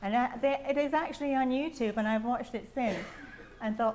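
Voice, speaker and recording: An older woman with an English accent, sharing a meandering personal testimony with soft laughs. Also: fairly high pitch, fairly quick, a little hiss or hum. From England. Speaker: testimony speaker at a prayer house.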